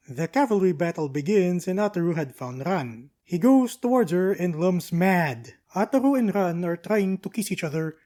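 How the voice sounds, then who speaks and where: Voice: medium pitch, a little mellow. An anime reviewer giving a casual episode recap, breezy and full of slangy quips and asides.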